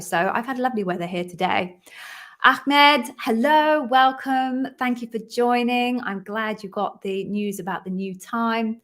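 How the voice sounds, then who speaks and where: A middle-aged woman from London hosting a live stream, chatting warmly with viewers and greeting each by name before explaining her work as an interview coach. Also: on the high side. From London, England.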